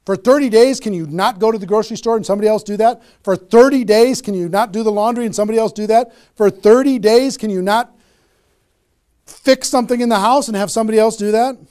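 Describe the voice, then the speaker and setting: A man's voice: high-pitched, quick pace, dark tone. A man giving a motivational sales training talk, emphatic and repetitive, often checking in with "okay?". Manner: emphatic, repeats key phrases, frequent "okay?" check-ins. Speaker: network marketing trainer.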